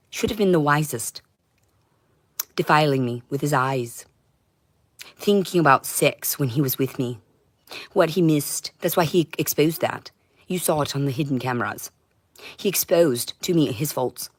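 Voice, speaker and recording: A woman streaming a rambling monologue, intense and profane, swinging between shouting and muttering. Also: sits low, no echo. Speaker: livestreamer.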